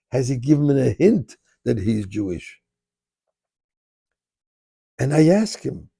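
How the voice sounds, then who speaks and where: A rabbi tells a personal story in an animated voice, dark and gravelly with a husky edge. The sound is dry and close, and he rattles off prayer lines at speed before slowing down for the story. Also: medium pitch, no echo. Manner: animated storyteller, recites Hebrew prayer at rapid pace. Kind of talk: spoken storytelling. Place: Montreal.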